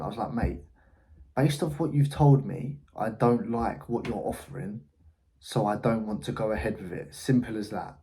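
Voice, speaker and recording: There's slight background noise as an agency owner with a fairly low, mellow voice speaks at a moderate pace in a casual vlog. He's blunt and cusses freely while recounting a frustrating call.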